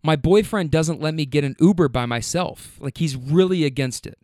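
A man's voice: fairly high pitch, a little mellow, no room sound, studio quality, close to an everyday voice. A man quoting an upset, rambling young woman. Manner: halting, sniffly, repeats herself.

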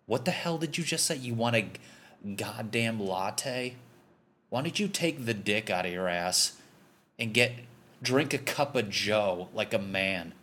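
A man's voice: fairly low pitch, expressive, measured pace, fairly bright tone. A man barking as a furious, foul-mouthed East Coast dad. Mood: furious, mocking. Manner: barking, mocking, profane. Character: gruff angry East Coast dad, profane and scornful.

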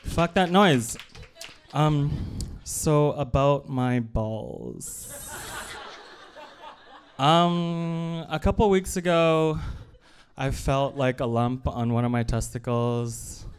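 A man's voice: mid-range voice, expressive, takes it slowly, a little hiss or hum. A man doing live comic storytelling on stage, chatty and self-deprecating with lots of asides and fillers. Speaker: stand-up comedian. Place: live evening show on stage.

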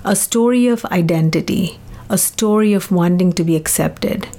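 A woman host reading scripted narration between interview clips in a measured way. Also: fairly low pitch, dark tone. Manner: measured storytelling delivery. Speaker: podcast host.

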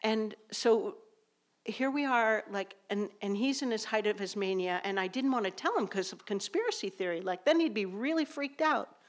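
A woman's voice: mid-range voice, expressive, normal speed. A woman telling a personal story on a theater stage to a live audience, hesitant and full of fillers.

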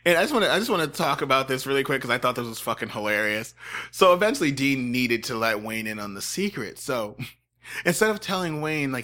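A man's voice: medium pitch, lively intonation, brisk, sharp tone. A man co-hosting a podcast, telling a story casually and animatedly, laughing often and slipping into voices. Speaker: podcast co-host. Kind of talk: casual true-crime storytelling.

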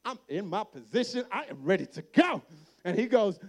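A young man telling a story at a camp service in a large room, acting out the people in it, then turning soft and earnest as he speaks to the students. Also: sits high, sing-song, moderate pace. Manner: drops to a soft, earnest tone for the closing appeal. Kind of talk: sermon-style storytelling to students.

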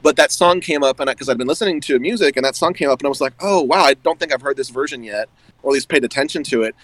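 A man's voice: mid-range voice, very fast, fairly bright tone, no room sound, low-quality recording. A man in casual chat who rambles with lots of "like" and laughs often.

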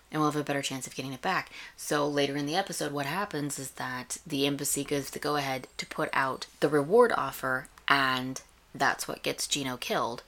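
A woman hosting a podcast, giving a chatty, analytical recap of a TV episode. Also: sits low. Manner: chatty, analytical, animated retelling. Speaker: podcast host reviewing a TV episode. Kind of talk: casual recap and commentary.

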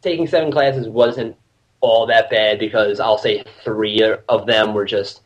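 A man's voice: on the low side, steady tone, a little slow, muffled recording. A young man, a podcast guest, chatting casually and swearing as he tells a story with laughs. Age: young adult. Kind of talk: casual chat.

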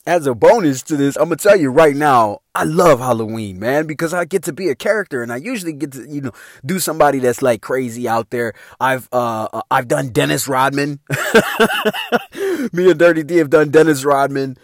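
A man telling a casual personal story to his viewers, animated and heavy on profanity, often breaking into laughter. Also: a little high, normal speed, dry recording, studio quality.

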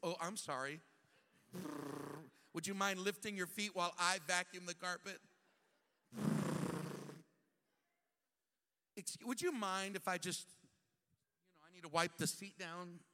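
A man's voice: high voice, normal speed, sharp tone, long reverb tail, a little hiss or hum. A man voicing a frazzled, overworked woman who complains about doing all the work while staying thinly polite. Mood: forced polite. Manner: exasperated, complaining, polite through gritted teeth.

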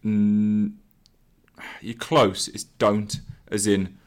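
A man's voice: on the low side, little pitch movement, extremely slow. A man co-hosting a podcast, quizzing his co-host on dialect words and acting them out in phrases, laughing often. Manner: playful, laughs a lot, reads words out then acts them in phrases.

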